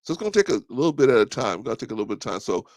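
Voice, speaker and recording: A man hosting a talk stream in a casual monologue, animated, laughing often and repeating himself. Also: medium pitch, racing, dry recording.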